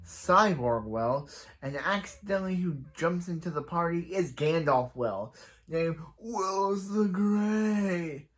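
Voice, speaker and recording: A man's voice: mid-range voice, a bit bright. A man casually recapping a TV episode, rambling with frequent restarts and self-corrections and chuckling as he goes. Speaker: TV episode reviewer.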